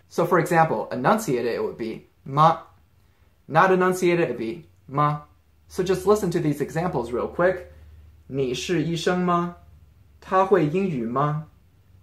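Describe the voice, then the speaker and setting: A man teaching a casual grammar lesson, explaining step by step with examples. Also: fairly high pitch. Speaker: language teacher. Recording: roomy echo.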